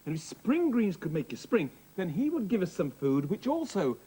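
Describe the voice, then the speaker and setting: A man's voice: high-pitched, big pitch swings, normal speed, warm tone, slightly rough. A man presenting a children's TV show in a playful, exaggerated and giggly way.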